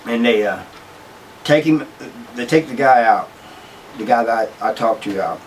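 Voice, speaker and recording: Male host, mid-pitched, loose rambling storyteller, recorded a bit off-mic. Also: expressive, moderate pace, far from the mic, a little hiss or hum, poor audio. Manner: rambling, with frequent restarts and "you know" asides. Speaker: channel host telling prison stories. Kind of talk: casual storytelling to camera.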